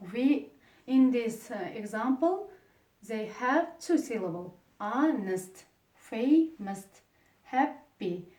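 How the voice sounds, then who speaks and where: A woman with an Uzbek accent teaches English grammar to pupils, speaking slowly and haltingly with many fillers. Her voice sits fairly high. It sounds echoey and comes from some distance across a classroom. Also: a little mellow. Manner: slow, halting delivery with many fillers, stresses example words.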